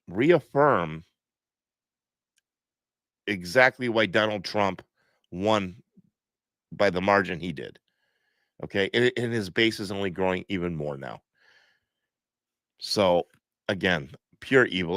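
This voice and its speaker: A man's voice: fairly low pitch, a bit bright, no room sound. A man hosting a live stream from home, stuffed up, talking in a preachy, repetitive way and reading viewer comments aloud.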